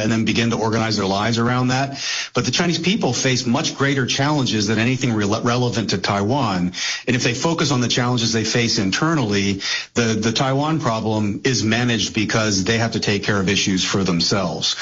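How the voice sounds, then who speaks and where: A man speaking as a guest analyst, measured and thoughtful, often pausing with hesitant fillers and restarting his sentences. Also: fairly low pitch, fairly bright tone. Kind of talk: analytical commentary on a talk show. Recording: dull, lo-fi audio.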